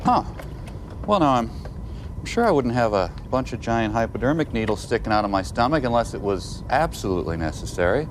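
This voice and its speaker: A man's voice: medium pitch, big pitch swings, fairly quick, background noise. A man making dry, sarcastic wisecracks while riffing on a film. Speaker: comedy show host riffing on a film.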